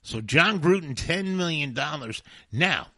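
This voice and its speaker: A man's voice: fairly high pitch, expressive, a little slow, bright, forceful tone, dry recording, clean studio sound. A man co-hosting a radio talk show, rambling through stories and chuckling as he talks. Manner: rambling, storytelling, laughs mid-sentence. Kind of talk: casual sports and TV chat.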